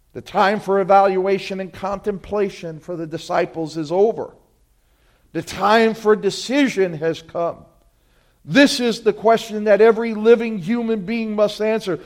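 A man preaching a sermon, swinging between loud emphatic appeals and quiet, dropped phrases, and urging his listeners directly. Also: high voice. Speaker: pastor.

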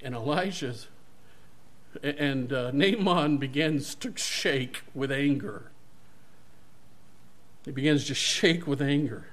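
A man's voice: medium pitch, slow pace, pauses often, a bit bright. A male pastor giving a sermon, retelling a Bible story animatedly and correcting himself as he goes.

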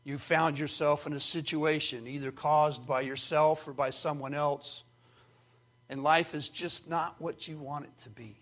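A male pastor preaches an earnest sermon with a slightly high voice. He drops to quiet, confiding asides and then builds back up to emphatic points. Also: steady tone, unhurried. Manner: earnest, swings from hushed to emphatic.

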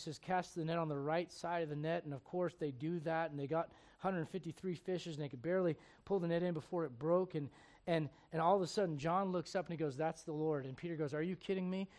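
A man's voice: on the high side, darkish tone. Storytelling preacher, man. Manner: storytelling preacher, voices biblical figures in casual speech. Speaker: pastor. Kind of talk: sermon.

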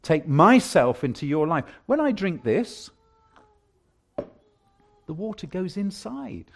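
A male preacher giving a sermon, with emphatic preaching that swings from hushed lines to loud declarations. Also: high-pitched, big pitch swings, takes it slowly, vocal fry, slight background noise.

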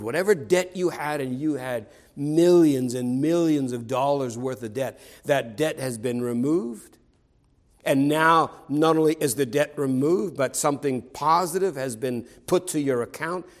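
A man's voice: mid-range voice, rough recording. A man preaching a sermon in an earnest, emphatic way, stressing key words and often restarting phrases.

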